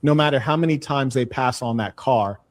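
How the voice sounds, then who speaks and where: A man's voice: mid-range voice, moderate pace. Insistent man lecturing in an argument. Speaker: speaker in a played live clip. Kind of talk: heated argument.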